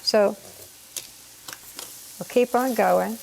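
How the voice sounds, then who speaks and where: Speaking very slowly in a creaky, mid-range voice, a middle-aged woman narrates her casual cooking vlog as the home cook and host. Allergies make her sound slightly scratchy, and a sizzling pan fills her home kitchen while she explains each step.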